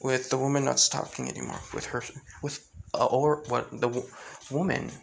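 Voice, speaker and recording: A man's voice: mid-range voice, flat delivery, moderate pace, vocal fry, a little hiss or hum. A man casually narrating a fan-made story, rambling with frequent restarts and fillers.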